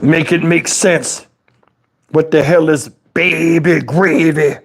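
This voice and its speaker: A man's voice: on the high side, fairly even intonation, slow, creaky, voice pushed down, heavily acted. A man playing a preachy, outraged elderly father who scolds and swears in a comedic rant. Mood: indignant. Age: older. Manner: exasperated scolding, preachy, swears, shouts at times.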